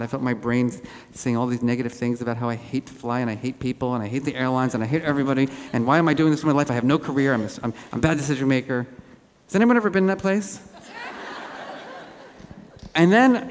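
Animated man giving a keynote in a hall. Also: mid-range voice, a little hiss or hum. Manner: animated storytelling with self-deprecating humor. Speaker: keynote speaker. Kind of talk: lively conference keynote. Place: large auditorium. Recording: hall reverb.

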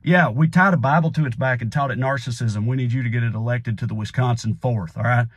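Loud ranting right-wing guy, indignant and pushy, put on by a comedian, dry close sound. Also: mid-range voice, quick pace, no room sound, close to an everyday voice. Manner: exaggerated, ranting mockery.

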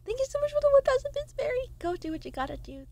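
A young woman streamer chatting casually with her viewers, reading out chat messages and swearing, excitable. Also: very high-pitched, fast.

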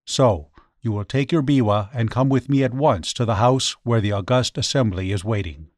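A man's voice: medium pitch, normal speed, a little mellow, no room sound, clean studio sound, natural voice. A man voicing a stern, commanding samurai retainer in an audiobook ghost story, curt and formal. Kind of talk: audiobook character reading.

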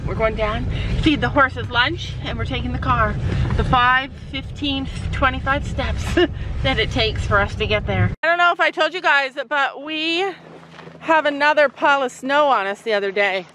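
A woman with a slightly high voice talks casually to her handheld camera while out on a cold horse farm. She laughs easily and coos over her animals. Faint background noise sits under her voice. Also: normal speed. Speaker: vlog host. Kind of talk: casual vlog chat.

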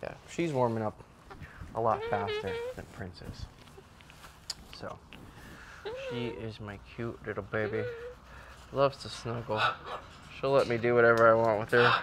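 A man casually vlogging outdoors as he tends his birds, loose and slangy, breaking into a high cooing voice when he talks to them. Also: sing-song, a little slow, long pauses, heavy background noise. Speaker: vlogger, bird keeper. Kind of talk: casual vlog chat. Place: outdoor backyard cage area.

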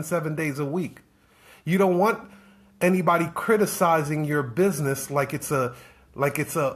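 Guy preaching business advice on a livestream, fairly high voice, keeps asking questions and repeating himself. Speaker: business coach. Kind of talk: live-stream motivational talk.

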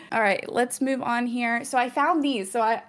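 A woman's voice: fairly high pitch, a little slow. A woman hosting a casual spiritual chat, reading viewer comments, chatty and encouraging, with plenty of fillers. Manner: chatty, filler-heavy, acts out little quoted exchanges; encouraging, affirming. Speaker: host of a spiritual channel.

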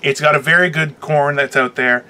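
A man's voice: a little high, fairly even intonation, moderate pace, bright, forceful tone. A man co-hosting a casual chat show, joking and swearing freely as he tells stories. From Canada. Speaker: podcast co-host.

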